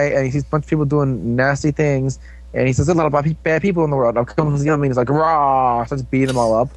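This is a young man at medium pitch, co-hosting a podcast and casually going over a show episode. He rambles, cracks jokes and puts on silly voices for the characters, and the recording has no echo.

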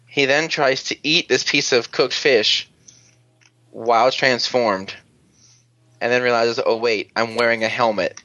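A man's voice: medium pitch, steady tone, measured pace, sharp tone, no echo, lo-fi sound. A man chatting casually on a podcast, recapping a TV episode in a rambling way, acting out characters' lines and swearing freely. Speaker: podcast co-host.

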